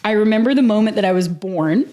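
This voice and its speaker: Her voice is medium-pitched and dark, and her pace is quick. Appearing on a podcast, she tells a personal story in a casual interview, emotional and earnest, with "like" in nearly every phrase.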